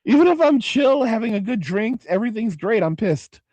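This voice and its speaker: A man's voice: very high voice, sing-song, brisk, a little mellow, no echo. A man in his forties hosting a casual livestream, reading viewer comments and rambling with lots of swearing and restarts. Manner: profane, rambling, self-interrupting. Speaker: livestream host.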